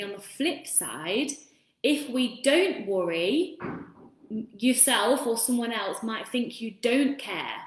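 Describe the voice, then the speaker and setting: A woman hosting a casual self-help talk, chatting freely and breaking off to greet viewers. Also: medium pitch. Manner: chatty, warm asides to viewers. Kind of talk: casual live-stream talk. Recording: roomy echo.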